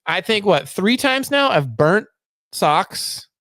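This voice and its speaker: A man's voice: high voice, takes it slowly, no echo, studio quality. A man co-hosting a casual backpacking chat, telling stories and acting out what he said. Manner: animated storytelling, acts out quotes. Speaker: podcast co-host.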